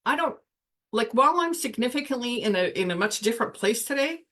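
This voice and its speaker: A woman casually teaching, speaking reflectively and guiding the listener through slow breathing, often trailing off mid-sentence. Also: on the high side, expressive, fairly bright tone. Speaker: spiritual coach.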